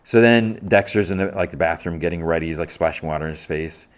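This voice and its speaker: Male podcast host with a low voice, loose chatty recap full of fillers. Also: fast talker. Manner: rambling, full of "like" and restarts. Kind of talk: casual episode recap.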